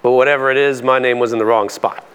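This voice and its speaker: A pastor preaching a sermon in a conversational, emphatic way, his voice climbing high on key points. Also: fairly even intonation, quick pace, a bit bright, clear, resonant tone.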